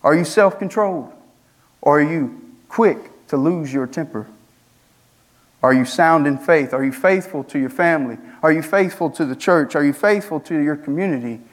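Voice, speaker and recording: Young guy preaching a sermon, slightly high voice, fires off questions at the room. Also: moderate pace. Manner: preaching with rhetorical questions, rising emphasis. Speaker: student pastor.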